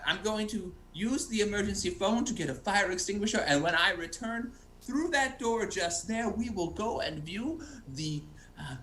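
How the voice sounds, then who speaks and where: A man's voice: high voice, bright, forceful tone, slight background noise. A man playing a flustered tour guide. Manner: stammering, halting, polite. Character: flustered, overly polite male museum tour guide. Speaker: improv performer. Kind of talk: improv comedy scene.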